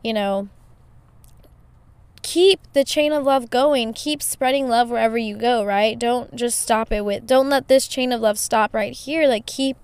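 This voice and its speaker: A woman's voice: fairly high pitch, unhurried, a little mellow, clean tone, dry recording. A woman hosting a podcast, telling a story in a casual, chatty way with lots of "you know" fillers. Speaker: podcast host.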